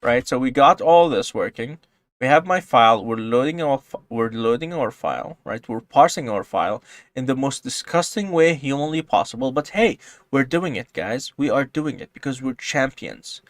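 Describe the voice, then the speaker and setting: A man talks through code in a casual tutorial at a mid-range pitch, his delivery calm one moment and loud and excited the next. He swears freely as he goes. The sound is dry and close, with no room in it. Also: no room sound. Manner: swings from calm explaining to loud excited outbursts, swears often. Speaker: programming tutorial host. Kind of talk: casual screen-recorded coding tutorial.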